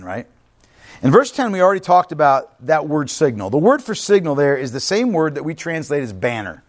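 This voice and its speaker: Guy pastor walking thru scripture, keeps going right? okay?, trips over words sometimes, voice a bit on the high side. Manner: conversational, checks in with "right?" and "okay?"; earnest, restarts and stumbles over words. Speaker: pastor teaching Bible study. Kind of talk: expository Bible teaching.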